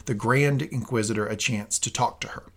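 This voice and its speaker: A man co-hosting a casual review podcast, excitable and animated, swearing freely as he talks. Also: fairly low pitch, a little fast. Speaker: podcast co-host.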